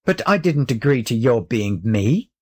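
A man's voice: mid-range voice, sing-song, unhurried, darkish tone, husky. A man voicing a headstrong young boy in a storybook, eager and defiant, lifting his voice well above his own. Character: headstrong, indignant young boy turned into a cat.

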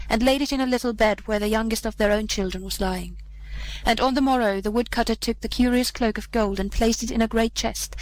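A woman reading an old fairy tale aloud in a measured, gentle storytelling manner. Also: a little high, low-quality recording. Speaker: narrator.

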